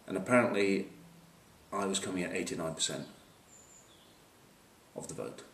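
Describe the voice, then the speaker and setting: Man, rugby pundit, low-ish voice, wry asides, distant camcorder in a roomy space. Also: moderate pace, slight background noise. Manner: wry, joking asides, many fillers. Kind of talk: casual match preview. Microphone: camcorder mic at a distance.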